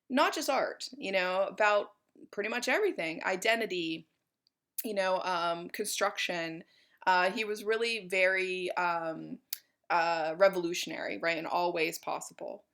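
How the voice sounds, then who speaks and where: A woman's voice: mid-range voice, a bit bright. A woman giving a college art history lecture in a chatty, informal way, with many fillers.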